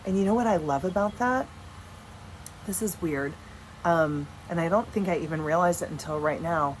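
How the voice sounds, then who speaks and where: A woman's voice: lowish voice, moderate pace, a little hiss or hum, low-quality recording. A woman in her thirties talking frankly and casually to camera at home, swearing now and then. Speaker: vlogger and coach. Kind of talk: casual direct-to-camera vlog. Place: at home with dogs.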